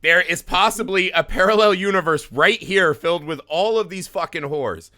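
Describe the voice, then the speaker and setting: A man in his thirties from the US Midwest, a podcast host telling a story in casual chat, swearing and acting out shouts with laughs. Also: high-pitched, normal speed. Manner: animated, swearing, acts out shouts and laughs while telling stories.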